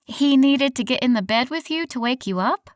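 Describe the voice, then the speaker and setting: A woman's voice: animated, normal speed, dry recording, clean studio sound. A woman voicing a petite, smug young woman who teases her friend with a drawl in an audiobook. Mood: teasing. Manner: teasing, drawling, higher and louder. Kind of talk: audiobook character voice.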